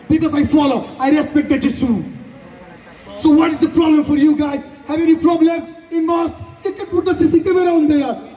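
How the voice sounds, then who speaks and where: A man giving an impassioned protest speech, shouting indignant rhetorical challenges again and again at an outdoor rally. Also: very high voice. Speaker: protest speaker. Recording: echoey distant rally recording. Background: faint crowd and ambient noise.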